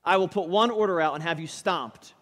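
A man voicing a threatening, animated male prison gang leader who taunts and menaces. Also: high-pitched, fairly quick, big-room sound.

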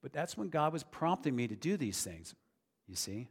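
A man's voice: mid-range voice, very animated, normal speed, breathy edge. A man preaching a sermon in an earnest, conversational way that builds to emphatic declarations. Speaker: pastor. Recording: long reverb of a large hall.

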